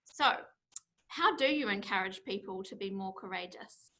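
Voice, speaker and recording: A woman's voice: mid-range voice, animated, normal speed, a bit bright. A New woman hosting an interview, introducing her guest and asking questions in a friendly, slightly hesitant way. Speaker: interviewer, partnerships manager.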